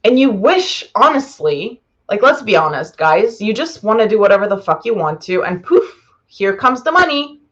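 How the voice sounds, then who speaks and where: A woman's voice: mid-range voice, very animated, moderate pace, highs cut off. A woman business coach talking bluntly to a live audience, swearing freely and rambling. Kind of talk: live-streamed masterclass.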